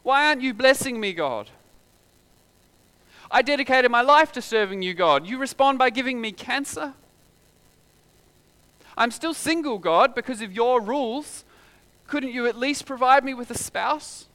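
A man's voice: high voice, sing-song, moderate pace, hardly any pauses, bright, forceful tone, pitched above the performer's own voice, heavily acted. A man voicing a resentful churchgoer who complains to God in an indignant, whiny tone. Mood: aggrieved.

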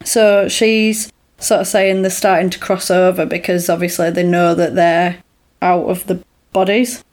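A woman chatting casually, retelling events with lively acted-out lines and laughs. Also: lowish voice, unhurried. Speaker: podcast co-host recapping a film. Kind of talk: casual chat.

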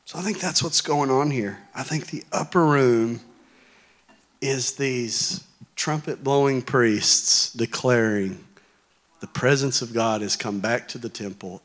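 A man's voice: medium pitch, measured pace. A man preaching a sermon in a church hall, talking conversationally and joking with the congregation.

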